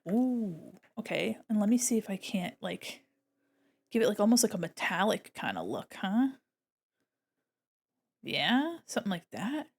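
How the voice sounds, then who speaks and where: A woman paints digital art on a live stream, speaking in a medium-pitched, very animated voice with vocal fry. She is unhurried and pauses at length, chatting with viewers and thinking aloud in a casual, bubbly, rambling manner full of giggles.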